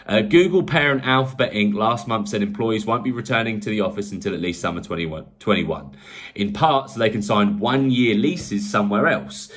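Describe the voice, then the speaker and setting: Chatty English man, low voice. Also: a bit bright. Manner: rambling, chatty, many fillers and restarts. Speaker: podcast co-host. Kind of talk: casual tech podcast chat.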